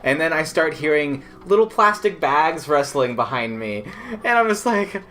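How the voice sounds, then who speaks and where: Young man, casual storyteller, bright tone, loose filler-heavy delivery with a little hiss behind. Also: fairly high pitch, lively intonation, a little slow. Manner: rambling, filler-heavy, laughs through the tale. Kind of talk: casual chat, telling a personal story.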